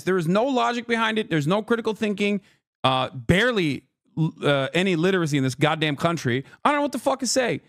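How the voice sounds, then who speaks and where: A man's voice: sits high, lively intonation, fairly bright tone, dry recording, studio quality. A man streaming reactions to political news, ranting in an exasperated, incredulous and profane way. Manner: exasperated, incredulous, rapid rants.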